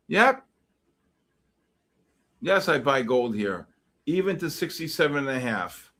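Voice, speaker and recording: Brief: middle-aged man, livestream host, casual, animated, mock-exasperated banter. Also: on the high side, measured pace, pauses often. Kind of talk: casual chat reading live comments.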